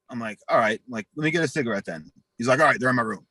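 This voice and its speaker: A husky man in his forties, telling rambling, profane stories as an interview guest and acting out the voices in them. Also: mid-range voice, rapid-fire, hardly any pauses, a bit bright, no echo. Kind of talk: casual storytelling.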